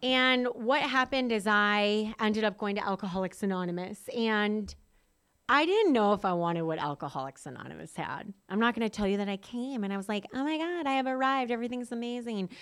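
A woman's voice: medium pitch, expressive, normal speed, fairly bright tone, clean tone. Candid self-mocking woman telling her story. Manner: self-mocking, laughs often, heavy use of "like". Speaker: speaker sharing her recovery story.

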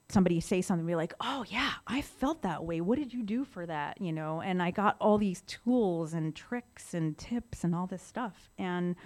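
A middle-aged woman with a somewhat low voice shares her recovery story. She talks in a candid, conversational way and leans on casual fillers as she goes. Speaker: speaker sharing her story.

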